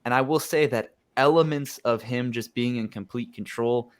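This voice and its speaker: A man's voice: mid-range voice, normal speed, smooth. Thoughtful man in casual talk. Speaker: podcast guest. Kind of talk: casual chat.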